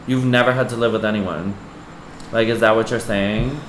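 A man's voice: on the low side, steady tone, normal speed, echoey room, a little hiss or hum, rough recording. A man co-hosting a podcast in casual chat, exasperated and chatty, full of "like" and "girl". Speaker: podcast co-host. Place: apartment room.

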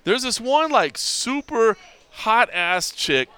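A man's voice: very high-pitched, slow, clean tone. A middle-aged man hosting a podcast, telling a story in casual chat, acting out what people said and leaning on "like" a lot. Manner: animated storyteller acting out quoted dialogue, heavy use of "like". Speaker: podcast host.

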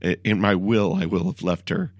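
A man co-hosting a comedy podcast, answering with laid-back, dry jokes and quick agreement. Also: low-pitched, fairly even intonation, darkish tone, dry recording. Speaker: podcast co-host.

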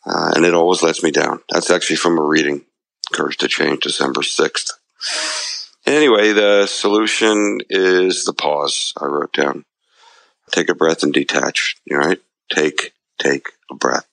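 Deep gravelly guy, podcast chat, rambly, laughs a lot, close dry mic. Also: a little slow, fairly bright tone, no echo, low-quality recording. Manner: rambling storyteller, laughs often. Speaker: podcast co-host. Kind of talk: casual chat.

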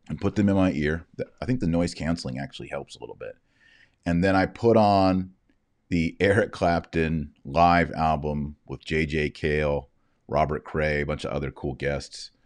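Deep-voiced Texan man, slightly slurred. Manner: slightly slurred, slow drawl. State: numb mouth after dental work. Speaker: Catholic commentary host. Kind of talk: casual commentary.

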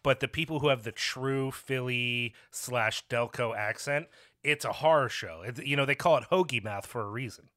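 Podcast co-host, male, from Philly, bright tone, rambling and self-deprecating. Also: medium pitch, normal speed. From Philadelphia. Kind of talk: casual chat.

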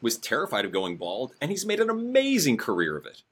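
Male podcast host, forties, lively and wisecracking in casual interview banter. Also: mid-range voice, brisk, slightly rough. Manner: joking, self-deprecating banter.

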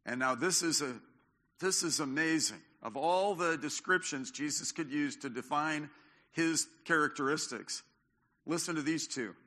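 A man's voice: a little high, unhurried, pushed and bright. An older man preaching a sermon as pastor, talking in a conversational way with many fillers and restarts. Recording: long hall reverb.

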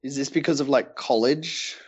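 A man's voice: mid-range voice, normal speed, breathy edge, lo-fi sound. A man co-hosting a podcast, friendly and teasing, asking his guests lots of questions. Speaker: co-host. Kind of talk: casual chat.

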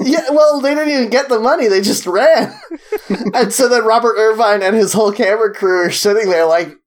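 A man's voice: sits high, moderate pace. A man co-hosting a casual podcast conversation. He tells stories in an easy, chatty way and breaks into laughter along the way. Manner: laughs while telling stories. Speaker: podcast co-host. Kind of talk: casual chat.

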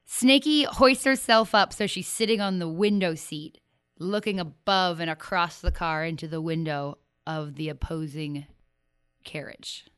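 Low-voiced woman playing a tabletop game. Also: a little slow, fairly bright tone, clear, resonant tone. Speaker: player.

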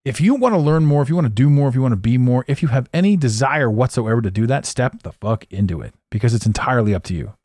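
Man, podcast host, lively swinging pitch, blunt and cussing, dry close sound. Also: fast talker, few pauses, dry recording. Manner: animated, blunt, swears freely. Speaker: podcast host and life coach. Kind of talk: casual motivational monologue.

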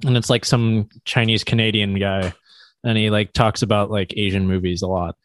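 A man co-hosting a podcast in casual chat, talking in an animated, halting way with many restarts. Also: fairly low pitch, no echo. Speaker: podcast co-host.

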